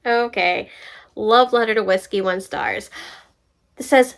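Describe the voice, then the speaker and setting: A young woman book vlogger reading reviews aloud and talking back to them in an animated, exasperated way. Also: mid-range voice, a little slow, gravelly. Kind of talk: casual reaction vlog, reading reviews aloud.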